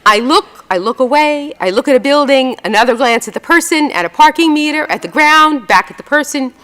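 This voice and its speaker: She's a New woman in her sixties, an author at a live event, telling stories about the city. Her voice sits fairly high and leaps around with animation. She jokes at her own expense and keeps slipping in quick impressions of people. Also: lively intonation, fairly bright tone, big-room sound. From New York. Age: 60s. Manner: chatty and self-mocking, with lots of fillers and quick voiced asides. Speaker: author giving a talk. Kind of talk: storytelling talk with slides and a reading. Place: event hall before an audience.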